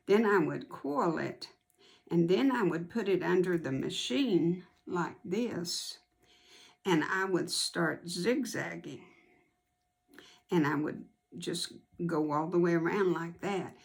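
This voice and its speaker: Slow, gravelly-voiced woman teaching sewing. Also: fairly low pitch, darkish tone. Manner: unhurried, homey step-by-step explaining. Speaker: quilting instructor. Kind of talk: hands-on sewing tutorial.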